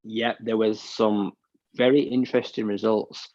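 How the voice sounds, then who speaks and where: British man, blunt, low and flat-voiced. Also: unhurried, dry recording. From United Kingdom. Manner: blunt, opinionated, rambling with restarts. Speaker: podcast co-host. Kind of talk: casual sports chat. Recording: dull, dry lo-fi mic sound.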